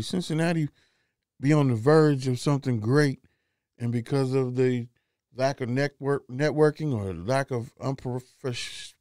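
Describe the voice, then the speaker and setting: A man co-hosting a casual podcast chat, rambling and halting with many fillers. His voice is smooth and resonant at an ordinary middle pitch. It was recorded in a dry room with no echo. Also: a little mellow. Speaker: podcast co-host.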